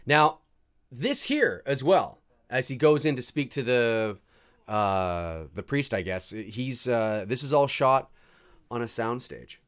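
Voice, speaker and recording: A man's voice: medium pitch, animated, takes it slowly, fairly bright tone, smooth. A man hosting a live movie commentary stream, chatting casually and reading viewer comments aloud. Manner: casual, chatty, restarts and fillers, reads chat aloud.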